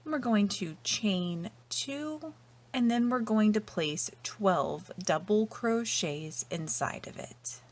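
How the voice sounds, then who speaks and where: A woman walks through a crochet pattern step by step, speaking at an unhurried, deliberate pace. Her voice sits at an ordinary middle pitch, and her delivery is patient and methodical, often fading softly at the ends of lines. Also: animated. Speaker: crochet instructor. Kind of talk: step-by-step tutorial narration.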